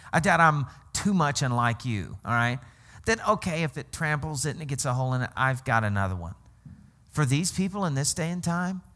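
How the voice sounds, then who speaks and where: A man's voice: medium pitch, a bit bright. A man from Arkansas preaching a sermon as pastor, in a conversational way, often checking in with "okay?" and laughing as he teaches.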